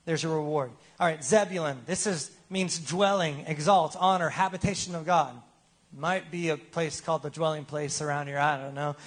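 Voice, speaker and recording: High-voiced man preaching casually. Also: normal speed. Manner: casual, joking, asks the crowd for replies. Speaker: pastor. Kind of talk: sermon.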